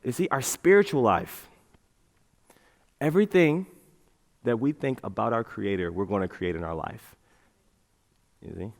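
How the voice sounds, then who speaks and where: A man giving a playful, animated motivational talk on a large auditorium stage, leading the crowd in chants. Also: fairly high pitch, a little slow, pauses often. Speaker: motivational speaker. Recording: reverberant hall.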